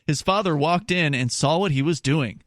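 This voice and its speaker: A male radio talk show host with a somewhat high, slightly bright voice reads news stories aloud at a moderate pace and chats with his co-host. His delivery is conversational, with casual asides and frequent restarts, in clean studio sound with no room echo.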